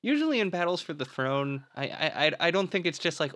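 A man's voice: fairly high pitch, very animated, brisk, a bit bright, no room sound. A young man co-hosting a casual podcast, recapping a film plot in a rambling, filler-heavy way and swearing freely.

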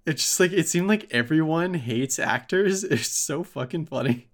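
A man's voice: a little high, animated, moderate pace. A young man chatting casually about a movie, often laughing and retelling scenes in put-on voices.

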